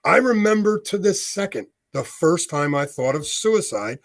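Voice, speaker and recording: Man, 60s, from the United States, podcast guest, animated storyteller, acts out quotes, slightly high voice. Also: normal speed, gravelly. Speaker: podcast guest, author and veteran.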